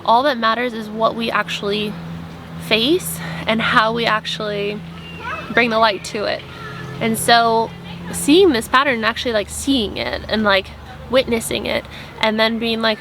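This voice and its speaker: Young woman vlogger, higher pitch, earnest rambling chat, faint outdoor noise in a tent. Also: fairly even intonation, measured pace. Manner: earnest, rambling, many "like" fillers. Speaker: vlogger and app founder. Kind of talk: casual spiritual vlog chat. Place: tent at a campsite.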